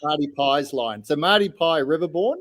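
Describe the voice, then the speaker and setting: A man's voice: fairly high pitch, expressive, moderate pace, fairly bright tone. An Australian man co-hosting a casual podcast chat, laughing easily and retelling stories with many restarts. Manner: laughing, easygoing, restarts often. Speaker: podcast co-host.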